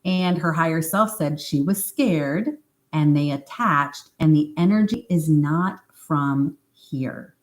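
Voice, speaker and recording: A woman with a low voice tells a story on a live stream. She chats informally, with fillers and side remarks, and reads out comments from viewers between her stories. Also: slow. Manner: animated retelling, acts out quoted speech in a higher voice; chatty and informal, with fillers and asides. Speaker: hypnosis practitioner.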